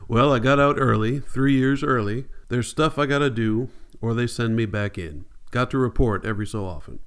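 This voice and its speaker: A man's voice: medium pitch, normal speed, fairly bright tone, smooth, lightly acted. A man reading as a blunt young parolee. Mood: matter-of-fact. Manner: blunt, coarse rural dialect. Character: blunt young male parolee, hungry and brooding.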